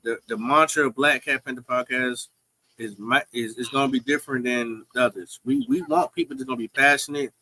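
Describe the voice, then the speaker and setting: A man co-hosting a podcast, talking in an emphatic, preachy, animated way. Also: mid-range voice, a little fast, no echo, low-quality recording. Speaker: podcast co-host. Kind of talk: casual live-stream chat.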